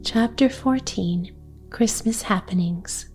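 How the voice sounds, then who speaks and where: Hushed slow woman reading a bedtime story. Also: mid-range voice, faint music behind. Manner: soft, hushed and unhurried, often near a whisper.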